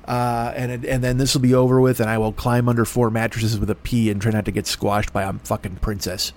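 A man's voice: mid-range voice, little pitch movement, fairly quick, hardly any pauses, a little mellow. A middle-aged man telling a long, profane, self-deprecating story in a rambling podcast monologue. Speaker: podcast host.

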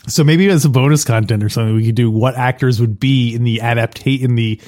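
A man's voice: mid-range voice, quick pace, darkish tone. A man co-hosting a podcast, chatting casually and rambling, with many restarts and laughs. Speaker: podcast co-host. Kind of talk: casual chat.

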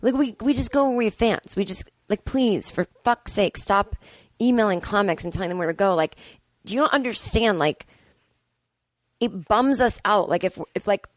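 A woman's voice: mid-range voice, normal speed, dry recording. A woman comedian in her forties hosting her own show, speaking from home in a casual solo monologue full of sarcastic, profane ranting. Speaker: comedian and podcast host.

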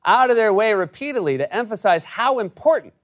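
A man's voice: sits high, expressive, brisk. A man hosting a late-night comedic news monologue with a sarcastic, punchy delivery. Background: studio audience laughter.

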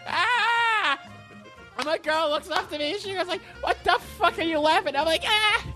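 A woman's voice: very high voice, a bit bright. A woman voicing a foul-mouthed, hotheaded man who rants nonstop and laughs like a maniac. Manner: constant swearing, ranting, manic laughter. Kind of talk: comedy character monologue.

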